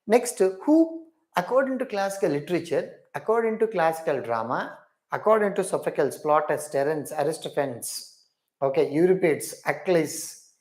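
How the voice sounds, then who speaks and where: A man's voice: a little high, expressive, normal speed, darkish tone. A man teaching English literature in a live online class, repeating each question and praising every student's answer.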